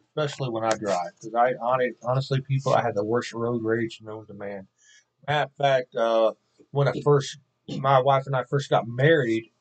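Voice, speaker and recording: A man's voice: mid-range voice, rough recording. A man sharing a candid, self-mocking personal story as part of a sermon.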